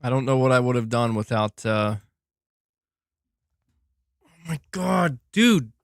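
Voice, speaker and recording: A man's voice: mid-range voice, lively intonation, slow pace, gravelly, no echo, clean studio sound. A man hosting a casual livestream, joking, laughing often and rambling as he reads chat. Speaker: livestream host.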